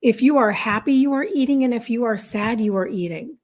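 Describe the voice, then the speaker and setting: A woman's voice: on the high side, a little fast, darkish tone. A middle-aged woman hosting a casual livestream as a health coach, upbeat and fired up, greeting viewers and reading their comments aloud.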